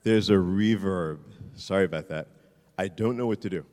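A man's voice: sits low, moderate pace, a little mellow. A man preaching a conversational sermon as a pastor, often repeating his questions. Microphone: handheld mic, swapped mid-sermon. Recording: long hall reverb.

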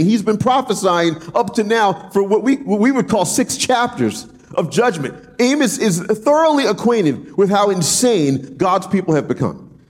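A man preaching an expository sermon, talking it through casually with frequent restarts and acting out quoted pleas. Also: moderate pace. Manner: animated, acts out quoted pleas in a high voice; conversational, repeats words as he thinks aloud. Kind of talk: expository Bible teaching.

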